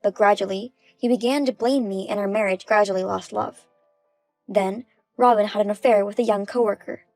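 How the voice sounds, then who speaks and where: A woman in her thirties telling her own story as a first-person text-story narrator, in a plain, even manner. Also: mid-range voice, normal speed, vocal fry, no echo, faint music behind. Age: 30s.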